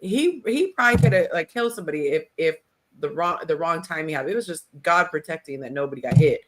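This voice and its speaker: A woman hosting a casual panel podcast, telling stories with lively acted-out quotes. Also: deep voice, fast talker. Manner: animated storytelling, acts out quotes. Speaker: podcast host.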